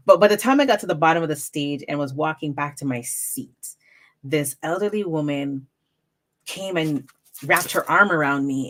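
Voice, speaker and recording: A woman with a low, dark voice talks in a relaxed interview as a storyteller. She is animated and slips into the voices of the people in her stories. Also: moderate pace. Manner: animated, acts out quoted moments with raised pitch. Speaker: storyteller guest. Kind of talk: casual interview chat.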